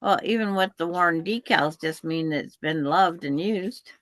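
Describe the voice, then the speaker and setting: A woman hosting a quilting livestream, chatting casually and calmly while she works. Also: on the low side, no echo. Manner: relaxed, chatty, drawn-out pace. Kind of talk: casual chat while crafting.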